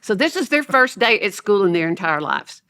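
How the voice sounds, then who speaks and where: A woman tells stories as a podcast guest. Her voice is bright and forward in the mic, and her pitch sits in a middle range. She talks in an animated way, laughing and acting out what others said. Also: normal speed. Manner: animated, laughing storyteller who acts out quotes. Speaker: educator and guest. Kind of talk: storytelling in a podcast interview.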